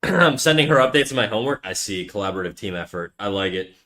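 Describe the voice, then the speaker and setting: A man streaming while he draws, chatting casually and teasing, dropping into quiet mumbled asides between jokes. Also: lowish voice, lively intonation, fast. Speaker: livestreaming artist.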